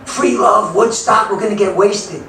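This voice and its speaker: A man, doing a blunt stand-up set in a club, with sudden loud outbursts. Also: high voice, normal speed. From New York. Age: 70s. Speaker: stand-up comic. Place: comedy club in Denver. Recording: echoey club from far off, background noise.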